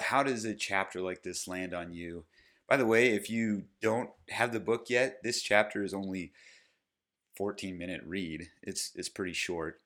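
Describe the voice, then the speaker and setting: Deep-voiced male podcast host, casual and unscripted, thinks out loud with restarts. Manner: conversational, thinking aloud with frequent restarts. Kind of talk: casual solo podcast talk.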